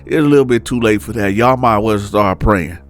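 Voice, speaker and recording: A man's voice: lowish voice, brisk, lightly acted. A man voicing a bitter, vengeful son who talks in a coarse, menacing, slangy way.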